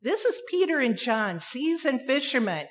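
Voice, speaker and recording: A woman preaching a sermon, emphatic, with dramatic pauses and repeated phrases. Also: high-pitched, big pitch swings.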